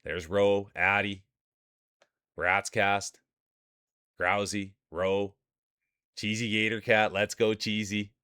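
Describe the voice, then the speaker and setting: A man's voice: lowish voice, level tone, takes it slowly, long pauses, bright, forceful tone, smooth, no room sound, clean studio sound. A man commentating marble races live on stream in a hyped announcer patter, chatting with his viewers between calls. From Canada. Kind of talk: playful sports-style race commentary.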